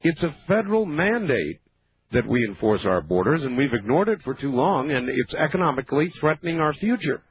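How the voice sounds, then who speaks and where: A man's voice: fairly high pitch, big pitch swings, fairly quick, breathy edge, dry recording. A man hosting a call-in radio show, talking in a rambling, folksy, opinionated way. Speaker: radio talk show host. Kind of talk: late-night call-in radio talk. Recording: muffled AM radio broadcast.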